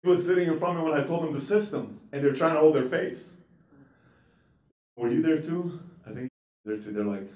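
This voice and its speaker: A man's voice: on the high side, fairly quick, pauses often. A man in his thirties, hosting a casual, joking talk to a small group about self-control. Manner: animated, joking, puts on voices. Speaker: entrepreneur host. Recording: echoey room, mic far off.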